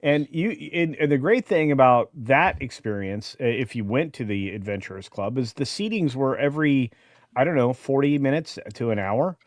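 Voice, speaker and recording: A man's voice: medium pitch, lively intonation, normal speed, dry recording. Man, podcast panelist, enthusiastic, stammering restarts, dry studio sound. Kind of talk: casual podcast chat.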